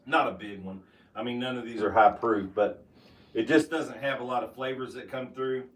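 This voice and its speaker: A man giving a casual tasting review of bourbon, talking with halting restarts and fillers. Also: mid-range voice, fairly even intonation, reverberant, far from the mic. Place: home basement room.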